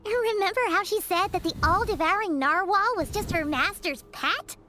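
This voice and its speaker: Paimon, a squeaky bubbly sprite. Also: female voice, moderate pace, pushed and bright, slight background noise. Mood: chirpy. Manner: chatty, bubbly, childlike. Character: tiny excitable female floating companion sprite. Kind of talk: game voice acting.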